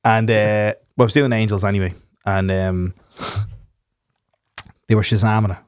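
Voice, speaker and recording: A man's voice: on the low side, level tone, normal speed, darkish tone, clear, resonant tone, no room sound, clean studio sound. A man hosting a podcast, chatting casually and telling stories with plenty of swearing. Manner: swearing, storytelling with acted quotes. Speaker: podcast host and musician. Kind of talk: casual chat.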